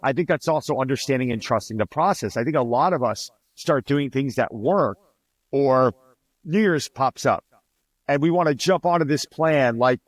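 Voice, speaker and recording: Male fitness trainer guest, animated storyteller, bare dry mic. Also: medium pitch, normal speed, no room sound. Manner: animated, acts out quoted dialogue. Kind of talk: storytelling in a casual interview.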